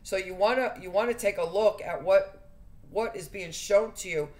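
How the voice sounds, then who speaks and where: A woman's voice: medium pitch, normal speed, darkish tone. A woman giving earnest spiritual advice in a monologue, stressing her points by repeating key phrases. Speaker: spiritual vlogger.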